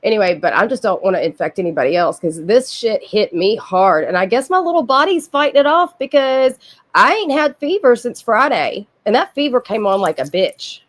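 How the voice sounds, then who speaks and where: Sick and sniffly, this livestream host talks with her viewers in a sing-song, mid-range voice at a moderate pace. Her chat is blunt, profane, and casual, peppered with asides.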